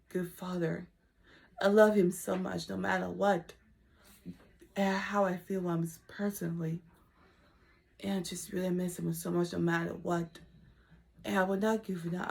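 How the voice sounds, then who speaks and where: A woman talking to camera in a personal vlog, halting and emotional, with simple, repetitive phrasing that often sinks to a soft whisper. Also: lowish voice, little pitch movement, gravelly. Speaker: vlogger.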